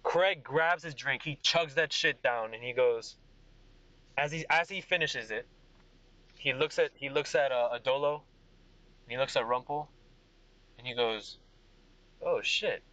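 A man narrating a tabletop game as game master, telling the story with animated energy. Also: medium pitch, normal speed, long pauses, dull audio.

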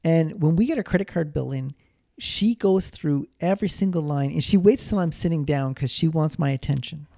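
A man's voice: a little high, normal speed, creaky, dark tone, no echo, clean studio sound. A man giving casual personal finance advice, rambling with frequent restarts and repeated words.

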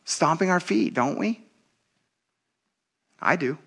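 A pastor delivers his sermon in an animated, conversational way, speaking straight to his congregation. His voice sits slightly higher than most men's. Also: slow, husky.

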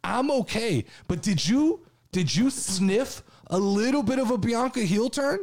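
Excitable, high-voiced man ranting profanely. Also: measured pace. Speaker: podcast host. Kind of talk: casual chat.

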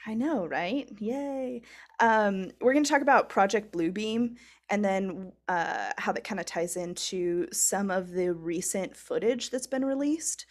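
A woman's voice: mid-range voice, unhurried. Woman cohost, mid voice, rambly, lots of ums. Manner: rambling, many fillers and giggles. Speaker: podcast co-host. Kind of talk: casual chat.

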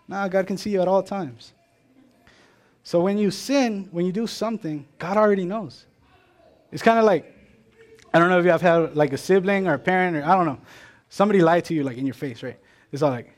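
A man's voice: on the high side, fast talker, a little mellow. Chatty man preaching a casual sermon. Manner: chatty, keeps asking "right?", acts out little dialogues.

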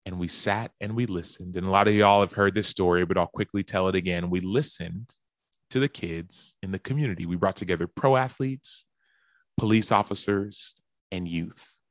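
A man telling a story on a podcast, acting out the phone calls he describes and lifting his voice into them with excitement. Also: low voice, normal speed, no echo. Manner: animated storyteller who acts out quoted phone calls in a raised voice. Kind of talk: storytelling monologue.

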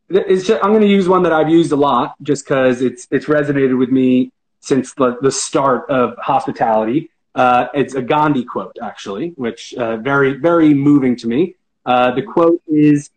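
A man's voice: on the high side, poor audio. A man answering interview questions, earnest and optimistic, often hesitating and restarting. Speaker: interview guest, hospitality professional.

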